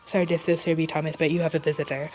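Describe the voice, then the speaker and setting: A woman's voice: low voice, level tone, very fast, a little mellow, natural voice, low-quality recording. A woman reading the lines of a sympathetic hospital nurse, with small stumbles and restarts. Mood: gentle. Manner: read aloud, with stumbles and restarts. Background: background music.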